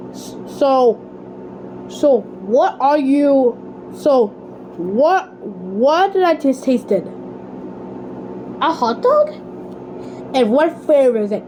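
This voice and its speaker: A woman hosting a homemade cartoon contest, excitable and dramatic, with sudden outbursts. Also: high-pitched, slight background noise, poor audio.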